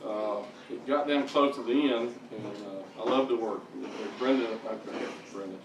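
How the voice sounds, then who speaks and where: A man's voice: fairly low pitch, measured pace. Older man, church testimony, folksy and stammering; distant mic, roomy echo. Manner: folksy storytelling, stammering restarts. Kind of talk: personal testimony. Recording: echoey, distant mic, background noise.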